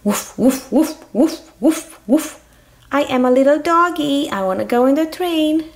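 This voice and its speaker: A woman's voice: high-pitched, animated, brisk. A woman voicing a little toy dog that barks and asks to get on the train. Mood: eager. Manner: barking, childlike. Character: little toy puppy, keen to board.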